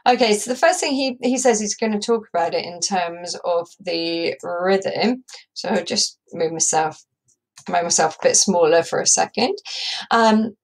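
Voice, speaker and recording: A woman's voice: on the low side, measured pace. A woman English teacher giving a recorded lesson over slides, explaining step by step and tapping out rhythms aloud with frequent ums. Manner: explanatory, says "um" a lot, taps out rhythms aloud.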